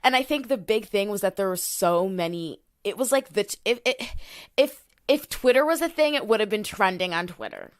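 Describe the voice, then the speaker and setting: A woman, co-hosting a podcast in casual chat, animated and full of fillers, reading quotes from her notes. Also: mid-range voice, moderate pace. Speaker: podcast co-host.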